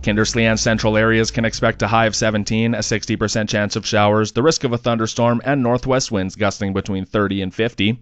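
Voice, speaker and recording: A man reading a scripted radio weather forecast in an even, matter-of-fact way. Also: lowish voice, brisk, hardly any pauses, clear, resonant tone, soft background music. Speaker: weather announcer. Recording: dry, slightly dull radio audio.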